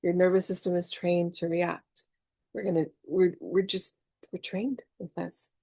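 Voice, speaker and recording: A woman's voice: on the low side, little pitch movement, measured pace, vocal fry, dark tone, no echo. A middle-aged woman teaching a spiritual class in a chatty, confessional way, swearing freely and acting out her own panics. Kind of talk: casual online class talk.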